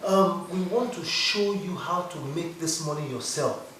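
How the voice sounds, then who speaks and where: A man's voice: fairly high pitch, a little slow, a bit bright, distant mic. A dismissive Nigerian businessman. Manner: impatient, dismissive. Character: dismissive well-off younger businessman, impatient. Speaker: younger businessman refusing help. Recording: very echoey room, voice from afar, faint noise.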